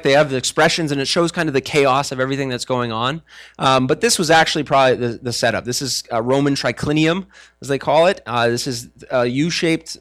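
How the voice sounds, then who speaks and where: A man's voice: mid-range voice, a bit bright. A man preaching a sermon, reading scripture and explaining it in a conversational way, sometimes acting out the disciples' voices. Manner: frequent fillers and restarts. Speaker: pastor.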